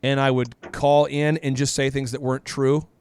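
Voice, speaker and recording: A man, a guest in an interview, telling a lively story and often jumping up in pitch. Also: normal speed, slight background noise. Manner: animated, jumps high in pitch.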